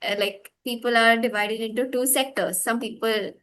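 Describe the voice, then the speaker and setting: Woman, guest, fairly high voice, explains patiently, lots of yeah and like. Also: steady tone, normal speed, fairly bright tone. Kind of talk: casual conversation about pronunciation.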